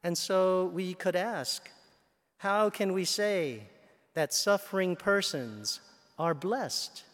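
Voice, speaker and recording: A priest delivers a measured sermon at an unhurried pace. His voice is a man's, set fairly high. The church's long reverb trails after each phrase. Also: a bit bright. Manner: slow, measured delivery with storytelling asides. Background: long hall reverb.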